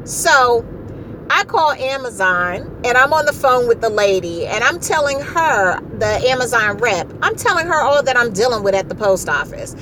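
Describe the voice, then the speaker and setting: A middle-aged woman telling a story in a casual, animated way, exasperated and repeating herself for effect. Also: fairly high pitch, normal speed, few pauses, a little hiss or hum, rough recording.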